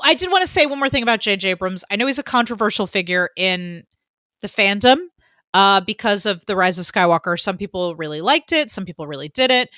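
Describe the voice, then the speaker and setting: A woman co-hosting a podcast, her bright, forward voice spilling over with fan excitement. She talks casually and fills her sentences with "um" and restarts. The sound is dry and close, with no room around her. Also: medium pitch, no echo. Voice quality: excitable, gushing fan with many fillers. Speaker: podcast co-host. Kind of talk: casual chat.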